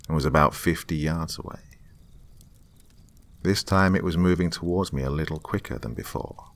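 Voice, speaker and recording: A man with an extremely deep, gravelly voice narrates a scripted horror story. He keeps his delivery slow and hushed, building suspense line by line. The low gravel sits under every word.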